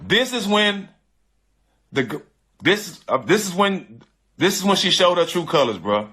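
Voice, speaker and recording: A man's voice: high-pitched, sing-song, unhurried, sharp tone, breathy edge. A man earnestly recounting a painful personal story in slangy, repetitive casual talk. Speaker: guest telling a personal story. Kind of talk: emotional storytelling.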